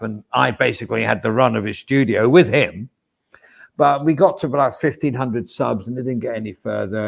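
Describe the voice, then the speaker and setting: Gravelly self-deprecating man. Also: medium pitch. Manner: chatty, with frequent fillers and asides. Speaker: livestreamer. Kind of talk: casual livestream chat.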